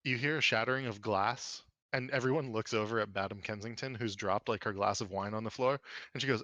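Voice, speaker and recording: A man narrating as game master in a relaxed manner, with many fillers. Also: on the low side, a little fast, no echo, highs cut off.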